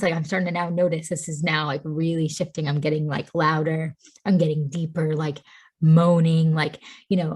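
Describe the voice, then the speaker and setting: A chatty woman from Tennessee in her thirties, telling her story as a podcast guest. Her voice sits a little low, and she laughs often and says "like" a lot. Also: a little mellow. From Tennessee, USA. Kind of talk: casual storytelling.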